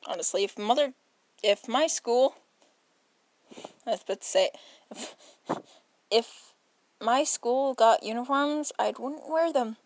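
A woman's voice: fairly high pitch, takes it slowly, long pauses, no room sound. A woman giving rambling, playful commentary while playing through a story game and reading its lines aloud. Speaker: let's player. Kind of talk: casual gameplay commentary.

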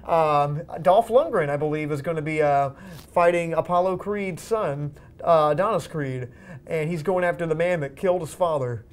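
A man's voice: on the high side, moderate pace, smooth. A man hosting a casual movie podcast, eager and chatty, steering the talk and asking the others for their views. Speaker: podcast host.

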